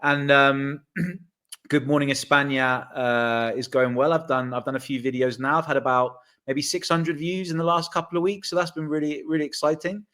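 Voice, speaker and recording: A man's voice: on the high side, steady tone, normal speed, a bit bright. A man from England chatting casually as a co-host, laughing often and talking with fillers and restarts. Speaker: guest co-host, Spain-based channel creator. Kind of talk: casual banter between two hosts.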